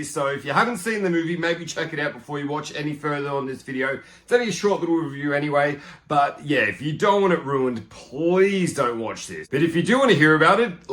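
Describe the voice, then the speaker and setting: A young man with a slightly high voice hosts a podcast, excitedly chatting through a casual film review and acting out lines from the movie.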